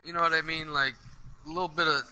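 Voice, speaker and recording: A man's voice: fairly high pitch, level tone, quick pace, clear, resonant tone, muffled recording. A man hosting a casual podcast chat, talking bluntly and emphatically with plenty of swearing. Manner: blunt, profane and emphatic, ranting. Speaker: podcast host. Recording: loud background noise.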